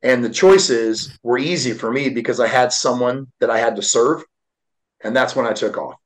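A man's voice: mid-range voice, moderate pace, poor audio. Candid man in his forties, heartfelt. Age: 40s. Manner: candid and heartfelt, with frequent fillers. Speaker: guest, motivational speaker and author. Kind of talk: emotional personal storytelling.

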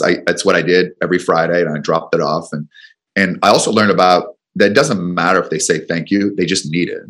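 Deep-voiced man telling a story. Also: fairly bright tone. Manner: rambling, with restarts and acted-out dialogue. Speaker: business coach guest. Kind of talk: conversational storytelling. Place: radio studio.

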